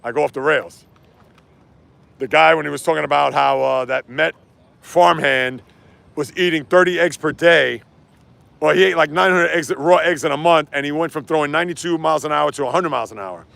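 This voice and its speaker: Animated gravelly man ranting on a stream. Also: fairly high pitch, a little fast, no room sound. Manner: animated, rants and reads chat comments. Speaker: sports livestream host. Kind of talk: casual livestream chat while walking.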